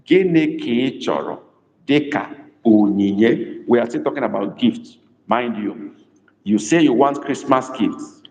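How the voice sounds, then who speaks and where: A man teaching a live online language class, dictating phrases slowly and repeating them, praising students by name. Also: mid-range voice, lively intonation, darkish tone. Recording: echoey room with long reverb.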